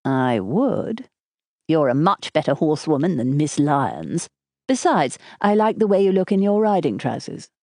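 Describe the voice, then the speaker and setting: A playful, affectionate husband from a storybook mystery, put on by a female narrator. His tone is mellow and warm and moves freely in pitch. The recording is dry and close. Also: big pitch swings, measured pace, no echo, full character voice. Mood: teasing. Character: charming teasing husband, man in his thirties.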